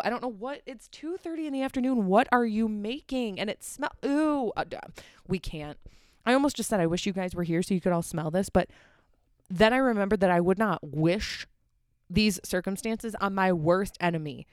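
A woman's voice: mid-range voice, normal speed, clean tone, dry recording, clean studio sound. A young adult woman hosting a solo podcast from her apartment, ranting casually, swearing often and getting sidetracked. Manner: rambling, profane, easily sidetracked. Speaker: podcast host.

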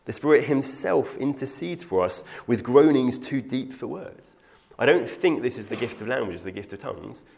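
A preacher with a medium-pitched, somewhat dark male voice teaches through a Bible passage. He is earnest and emphatic, quoting scripture and fielding questions.

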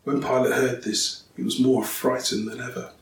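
A man reading scripture aloud and then preaching on it in a steady, clear way. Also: mid-range voice, normal speed, slight background noise. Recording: roomy, distant, faint ambience.

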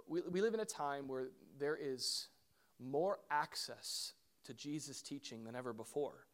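A middle-aged man, a pastor, preaching a sermon in an animated way, with questions and asides to the congregation. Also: medium pitch, a little slow.

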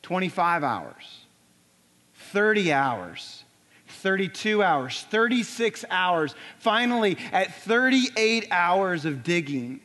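A man preaching, telling a story dramatically and dropping to a hushed near-whisper. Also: high-pitched, sing-song, slow pace. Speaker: pastor. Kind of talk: sermon storytelling. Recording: long hall reverb.

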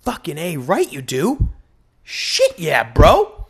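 A man hosting a solo podcast, rambling in an animated, profane way into a microphone. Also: fairly high pitch, slow pace, husky. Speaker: podcast host.

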